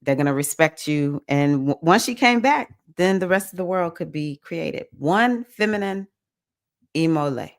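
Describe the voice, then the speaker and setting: A woman's voice: fairly low pitch, animated, unhurried. A woman hosting a spiritual astrology circle, talking casually and animatedly to her listeners with exclamations and storytelling asides. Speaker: spiritual host leading an astrology and oracle circle. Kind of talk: casual livestream talk.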